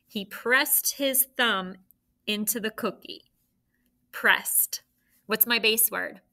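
A woman's voice: medium pitch, sharp tone. A woman teaching a phonics lesson, patiently prompting the children and praising their answers.

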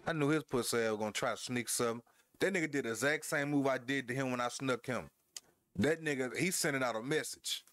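A man's voice: medium pitch, fast, a bit bright, no room sound. A man casually commenting on his wrestling game as he plays, trash-talking his opponent, laughing and talking to his viewers. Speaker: gamer. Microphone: headphones headset.

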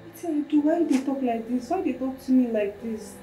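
A woman's voice: high voice, brisk, mellow, slight background noise, natural voice, poor audio. An actress playing a young woman posing as a maid, who pleads and questions back in English. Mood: pleading. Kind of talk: Nollywood film acting.

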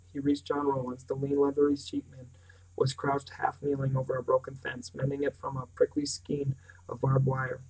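Man, audiobook narration, steady, flat delivery, distant mic. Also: medium pitch, vocal fry, slightly rough. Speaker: reader.

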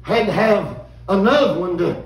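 A man, preaching a revival sermon in a folksy, animated storytelling way and calling out to the congregation. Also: sits high, normal speed. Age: 50s. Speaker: visiting preacher. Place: church sanctuary. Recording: echoey church room, mic at a distance.

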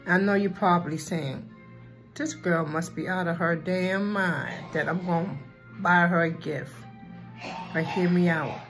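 A woman vlogger in casual chat, talking slowly and from the heart, with a Black way of speaking and frequent ums. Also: on the low side, low-quality recording. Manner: slow and heartfelt, with filler ums.

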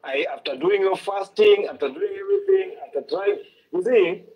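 A man calling in from his car, rambling and excited, stumbling over words and laughing. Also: sits high, normal speed, creaky. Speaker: caller. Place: in a car with sleeping children. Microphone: phone call. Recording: dull phone-line sound.

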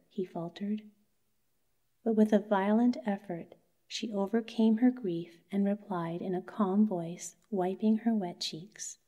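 Soothing, mellow woman storyteller. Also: mid-range voice, fairly even intonation. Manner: soothing, slow and soft. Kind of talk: bedtime story narration.

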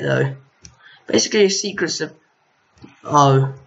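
A man's voice: a little high, measured pace, a bit bright. Young guy rambling over his game, teasing the monsters, kinda muffled cheap mic. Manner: chatty, talks to enemies on screen, mild exasperation. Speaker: gaming video host. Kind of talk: casual gameplay commentary. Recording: lo-fi home mic.

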